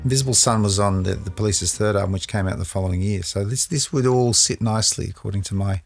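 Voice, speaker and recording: A man from the UK co-hosting a casual music podcast, quick with teasing quips and theories. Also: lowish voice, vocal fry. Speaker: podcast co-host.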